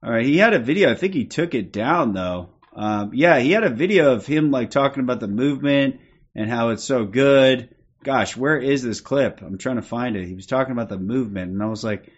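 A man's voice: medium pitch, expressive, brisk, breathy edge. Agitated man ranting on a livestream, lo-fi sound. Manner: agitated, profane, repetitive, punctuates with "okay?". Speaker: livestream host.

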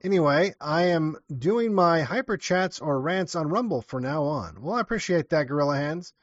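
A man's voice: on the high side, animated, moderate pace, no echo. A man hosting a livestream and casually reading out viewer messages, talking in an offhand, rambling way. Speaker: livestream host. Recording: dull lo-fi dry sound.

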